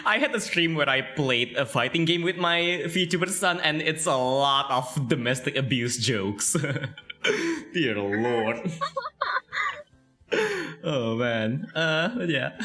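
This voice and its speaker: A man's voice: medium pitch, expressive, takes it slowly, sharp tone, faint music behind. A man hosting a casual online interview, rambling with many fillers and laughing often. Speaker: interview host. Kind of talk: casual video interview chat.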